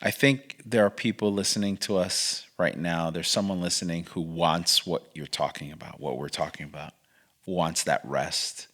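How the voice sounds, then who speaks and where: A man hosting a podcast, gently asking his guest questions and affirming him with short replies. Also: low voice, steady tone, moderate pace. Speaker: podcast host. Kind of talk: interviewing a guest.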